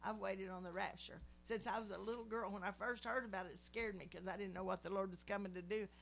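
A woman's voice: mid-range voice, steady tone, quick pace, creaky, a little hiss or hum. A woman in her seventies praying and giving an earnest devotional teaching. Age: 70s. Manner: earnest, preacherly. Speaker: Christian speaker.

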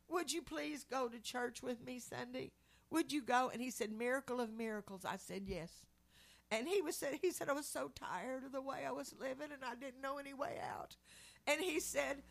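A middle-aged woman preaching a testimony sermon, animated storytelling that acts out the voices she quotes. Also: high voice, creaky. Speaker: lay preacher.

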